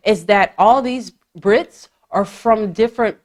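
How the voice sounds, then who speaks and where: Speaking at a measured pace in a medium pitch, a woman hosts a podcast full of casual chat, cursing and gossipy jokes.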